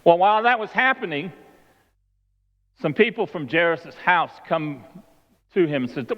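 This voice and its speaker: A man's voice: a little high, animated, unhurried, long pauses. A man preaching a sermon, retelling the story and acting out the voices of its people. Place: church sanctuary. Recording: long hall reverb, dull lo-fi sound.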